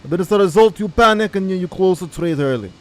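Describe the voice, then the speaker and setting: A man's voice: high-pitched, animated, fast, voice pushed up. A man voicing a melodramatic male trader, speaking theatrically to the listener. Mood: dramatic. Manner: theatrical, heavy accented delivery addressing the listener as friend. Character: melodramatic male trader with a put-on Russian accent.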